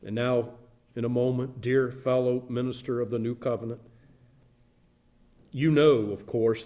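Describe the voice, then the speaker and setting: Older male pastor, warm mellow tone, earnest sermon delivery that builds through repetition. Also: mid-range voice. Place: church sanctuary.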